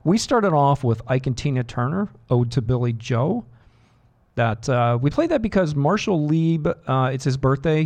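A radio DJ from the Boston area hosts a rock show, chatting casually on air into a studio microphone. His voice is mid-range with a darkish tone, and he rambles with self-deprecating asides.

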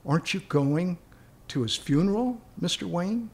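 A man's voice: high-pitched, expressive, moderate pace, creaky, voice pushed up. A man voicing a polite male studio gate guard in a raised voice.

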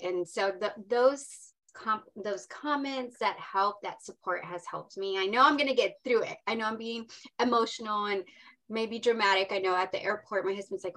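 A woman's voice: mid-range voice, normal speed, fairly bright tone. Emotional, earnest woman guest. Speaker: podcast guest. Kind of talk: casual interview chat.

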